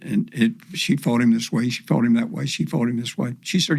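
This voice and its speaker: An older man, a podcast guest, telling long, folksy stories with many pauses and repetitions. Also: mid-range voice, gravelly, a little mellow, husky. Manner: rambling, folksy, repeats himself with many "uh"s. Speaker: guest, professional fisherman. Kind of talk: storytelling in a podcast interview.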